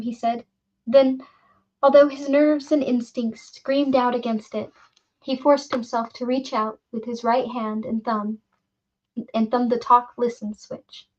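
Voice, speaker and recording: A woman's voice: fairly high pitch, steady tone, moderate pace, a little mellow. Woman narrating an audiobook, lo-fi. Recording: dull lo-fi recording.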